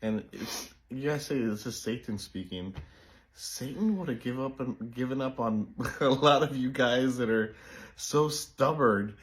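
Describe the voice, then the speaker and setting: A man with a fairly low voice speaks to his viewers in an earnest, plain-spoken way. He sounds casual and reassuring. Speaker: co-host of a religious channel.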